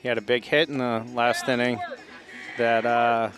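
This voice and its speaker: A man with a middle-pitched voice gives color commentary for a local baseball broadcast. He sounds relaxed and friendly, and he mixes his game analysis with casual banter. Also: moderate pace, music in the background.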